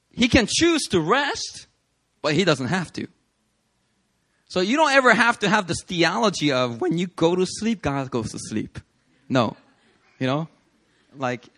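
A young man preaching a sermon in a casual, animated, conversational way, acting out little quoted scenes. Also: medium pitch. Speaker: pastor. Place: church service.

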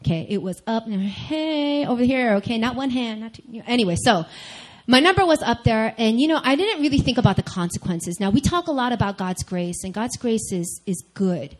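A young adult woman giving a sermon-style personal testimony, candid and animated, speaking straight to her listeners. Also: on the high side, fairly quick, rough recording.

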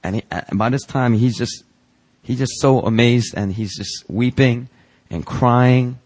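A man, a pastor, telling a story in a sermon and acting out its dialogue with lively emphasis. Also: medium pitch, unhurried. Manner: animated, acts out the dialogue in his story. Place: church sanctuary.

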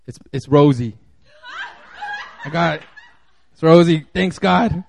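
A man voicing a lovestruck young man who excitedly pleads with God, half laughing as he talks. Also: fairly high pitch, takes it slowly, vocal fry, voice pushed down, exaggerated voice. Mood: giddy pleading.

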